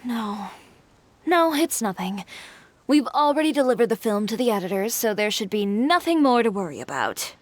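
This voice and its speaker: A woman's voice: fairly high pitch, very animated, normal speed, a little hiss or hum. A woman voicing a cool, reserved young shop owner in a video game who speaks tersely. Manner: terse and guarded.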